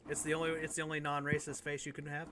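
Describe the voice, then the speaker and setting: A man's voice: a little high, monotone, rapid-fire, very noisy. A man hosting a casual chat podcast, joking and laughing often. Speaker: podcast host.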